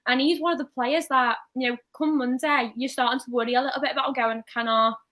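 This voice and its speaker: A woman's voice: high voice, steady tone, fast talker, fairly bright tone. A woman from Liverpool with a Scouse accent, chatting animatedly about football as a podcast co-host. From Liverpool, England. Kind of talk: casual football chat.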